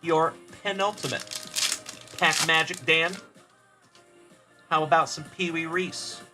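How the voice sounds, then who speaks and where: Music runs in the background while a man opens cards on his livestream, speaking slowly in a slightly high voice with fairly even intonation. As the trading card break host, he gives friendly, upbeat shout-outs to viewers by name.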